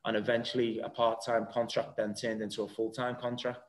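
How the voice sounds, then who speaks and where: A man in his thirties, a footballer, tells his story in a loose, rambling way, stopping and restarting often. His voice sits at an ordinary middle pitch for a man. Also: little pitch movement, brisk, slight background noise. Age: 30s. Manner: rambling, many fillers and restarts. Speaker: guest footballer. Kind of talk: casual interview chat.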